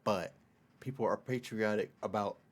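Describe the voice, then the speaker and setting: An American man hosting a reaction video, chatting in a relaxed, slangy way and laughing often. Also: fairly low pitch, moderate pace. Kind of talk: casual reaction commentary.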